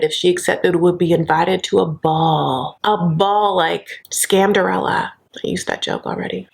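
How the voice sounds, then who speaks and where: A woman's voice: fairly low pitch, gravelly. A woman hosting a comedic reality-TV recap vlog, sassy and gossipy, calling viewers honey and acting out quotes. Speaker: host.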